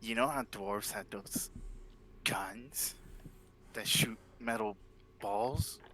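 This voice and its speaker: A bubbly, proud gnome shopkeeper woman who invents odd gadgets, as voiced by a man. She talks slowly and chirps along in a bright, lowish tone. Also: sing-song, creaky, slight background noise, heavily acted. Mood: cheerful.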